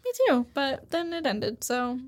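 A woman's voice: high-pitched, lively intonation, unhurried. A young woman co-hosting a podcast, retelling an anime episode in a rambling, profane way and acting out the characters' lines. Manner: rambling, swears a lot, acts out characters' lines. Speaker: podcast co-host.

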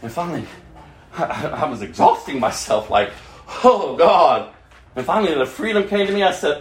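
A man with a fairly high voice preaches with lively swings in pitch, laughing and acting out little quoted exchanges. His voice rings in an echoey room with faint background ambience. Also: moderate pace, slight background noise. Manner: animated, laughing, quoting himself in shifting voices. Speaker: pastor. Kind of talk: sermon.

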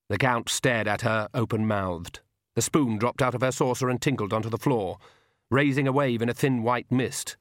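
A male audiobook narrator reading a comic fantasy novel in a measured, steady storytelling voice. His pitch is an ordinary middle range, and the recording is dry and close with no room sound. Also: dry recording. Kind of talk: scripted narration.

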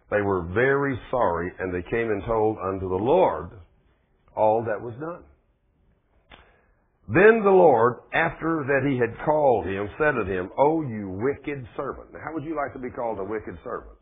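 A man's voice: medium pitch, breathy edge. A man preaching a folksy sermon, asking his congregation questions. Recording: tinny phone-like radio broadcast.

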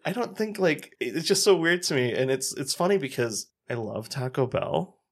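A man's voice: on the high side, expressive, moderate pace, creaky, breathy edge. A man co-hosting a podcast, telling a story in casual chat with lots of filler words. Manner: rambling, filler-heavy storytelling. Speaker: podcast co-host.

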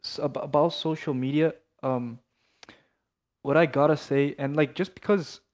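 A man's voice: fairly high pitch, fairly even intonation, normal speed, a little mellow. A young man co-hosting a casual podcast, talking animatedly with lots of fillers and swearing. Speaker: podcast co-host. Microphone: headphones, off his usual mic.

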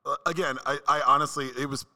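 A man telling a story in casual podcast chat, with quick jokes. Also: mid-range voice, steady tone, bright, forceful tone.

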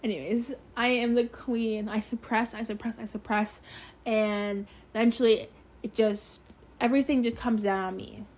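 A woman's voice: a little high, fairly even intonation, moderate pace, a little mellow. A young woman hosting her own podcast, talking candidly and emphatically about self-love, swearing freely. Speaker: podcast host. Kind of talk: casual solo podcast talk.

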